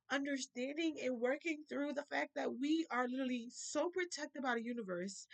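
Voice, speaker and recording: Earnest, emotional young-sounding woman. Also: high voice. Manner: emotional, earnest, heartfelt, at times tearful. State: near tears at moments. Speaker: spiritual vlogger. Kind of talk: casual spiritual vlog talk.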